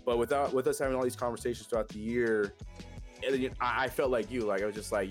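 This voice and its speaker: A man's voice: medium pitch, steady tone, fast talker, soft background music. A man co-hosting a casual podcast conversation, talking in a rambling way with frequent restarts. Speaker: podcast co-host.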